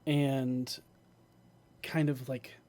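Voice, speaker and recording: A man acting as game master, narrating a tabletop game in a measured, descriptive way. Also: medium pitch, little pitch movement, darkish tone.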